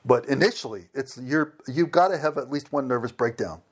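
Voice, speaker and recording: A middle-aged man, a former missionary, telling stories in an interview in a lively way and acting out the people he quotes. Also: medium pitch, a little fast, breathy edge. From United States. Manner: animated, acts out quoted voices. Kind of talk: conversational interview storytelling.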